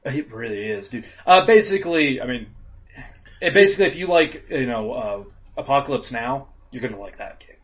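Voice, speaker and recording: A man co-hosting a casual podcast, chatting profanely, laughing often and bursting into loud acted-out rants. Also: medium pitch, brisk. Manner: animated, laughs a lot, acts out rants in loud voices. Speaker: podcast co-host. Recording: dull lo-fi podcast audio.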